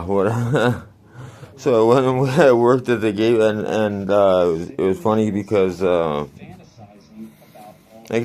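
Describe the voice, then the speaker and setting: A man's voice: on the low side, a little mellow. A man in his forties telling a rambling, crude story in a casual vlog, laughing often. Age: 40s. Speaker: vlogger.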